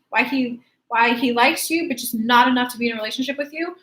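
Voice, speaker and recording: A woman with a slightly raised voice coaches her viewers through their questions on a live stream. She is chatty and emphatic, and she talks to each person directly and warmly. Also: a little high, fast, few pauses. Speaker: law of attraction coach.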